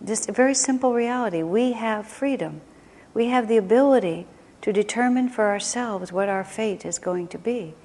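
Here a female spiritual teacher, American, guides a class in a reflective, chatty manner, regularly backing up to begin sentences again. Her mid-range voice is a little mellow and moves at a moderate pace, heard in a hall with long reverb.

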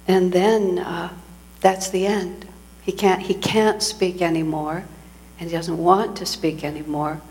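A woman's voice: lowish voice, little pitch movement, unhurried, a little mellow. A woman giving a sermon as a spiritual teacher, telling a story reflectively and often restarting her sentences.

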